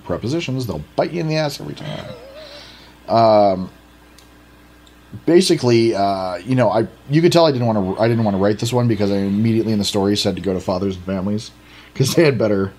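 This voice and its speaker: A man's voice: lowish voice, fast, darkish tone. A man co-hosting a casual podcast, rambling and joking at his own expense. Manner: rambling, self-deprecating, many restarts. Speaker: podcast co-host.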